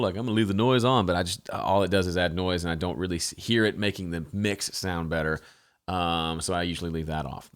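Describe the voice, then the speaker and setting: Chatty low-voiced male mixing tutor. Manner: relaxed, chatty, with frequent fillers and restarts. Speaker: host.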